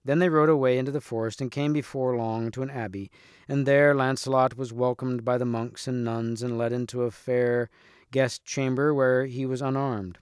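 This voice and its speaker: A man reading a storybook aloud in a steady, clear narrating manner. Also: medium pitch, moderate pace, no room sound, clean studio sound. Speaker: reader.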